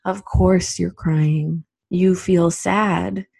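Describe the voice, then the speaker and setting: A woman giving a reflective spiritual talk as a teacher, speaking gently with drawn-out, unhurried phrasing. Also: fairly low pitch, fairly even intonation, creaky, husky.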